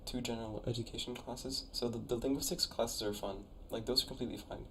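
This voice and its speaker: A young adult man in college streams live in a chatty, laid-back way, reading viewers' messages aloud and sounding out their invented words as he reviews their conlangs. His medium-pitched voice is fairly bright with fairly even intonation, he talks fast, and there's a little hiss or hum.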